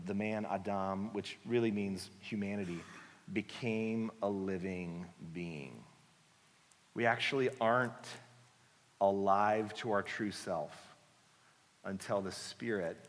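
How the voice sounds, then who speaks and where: A man preaching a sermon in a conversational, earnest way, dropping soft and slow for reassuring lines. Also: sits low, fairly even intonation. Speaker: guest preacher, book author. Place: church sanctuary. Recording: long church hall reverb.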